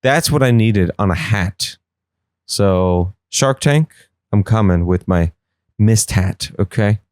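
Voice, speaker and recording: A young man hosting a podcast, telling comic stories in an animated way. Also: lowish voice, slow pace, no echo, clean studio sound. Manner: animated, swings into silly voices. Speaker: podcast host. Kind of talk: comedic storytelling.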